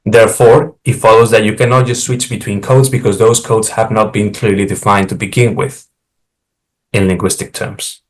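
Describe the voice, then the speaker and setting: A man co-hosting a talk show, explaining and arguing his points in a measured, lecturing way. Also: lowish voice. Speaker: podcast host and co-author. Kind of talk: explanatory monologue.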